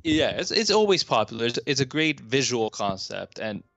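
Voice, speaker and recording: A man's voice: medium pitch, big pitch swings, normal speed, gravelly, fairly bright tone, no room sound, lo-fi sound, faint music behind. A man in his thirties co-hosting a podcast, talking about old films in a rambling, opinionated way that keeps correcting itself. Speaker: podcast co-host. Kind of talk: casual film discussion.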